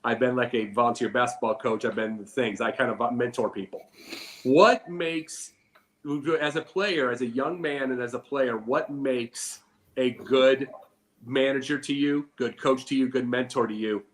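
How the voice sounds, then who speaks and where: A man's voice: mid-range voice, measured pace, echoey room. A man hosting an interview, asking long, chatty questions. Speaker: host.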